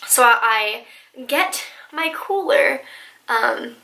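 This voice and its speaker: A woman in her twenties telling a storytime vlog in an excitable, animated way, full of likes and laughter. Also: high-pitched, unhurried, poor audio. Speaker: vlogger.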